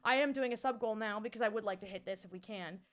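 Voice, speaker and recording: A young woman streamer in her twenties chatting casually with her viewers, swearing freely, laughing often and breaking into loud shouted bits. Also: medium pitch, fast. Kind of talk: casual live-stream chat.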